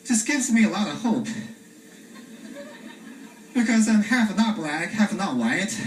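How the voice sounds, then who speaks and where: A man from China with a Chinese accent, doing a stand-up comedy set in a deadpan way with frequent "uh" pauses. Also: high-pitched. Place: comedy stage before a live audience. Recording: echoey stage from far off with loud room noise.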